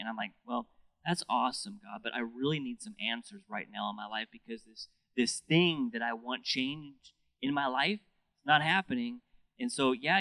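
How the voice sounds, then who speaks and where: A man's voice: medium pitch, fairly bright tone, dry recording, rough recording. Earnest man preaching, dry close sound. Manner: conversational, earnest, repeats words and restarts. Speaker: pastor. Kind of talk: sermon.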